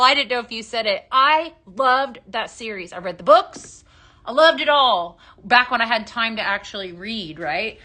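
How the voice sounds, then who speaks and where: With a high, sharp voice and a Texan accent, she runs a casual phone live stream where she mixes fragrances. She's bubbly and talkative, calling out viewers by name and laughing frequently.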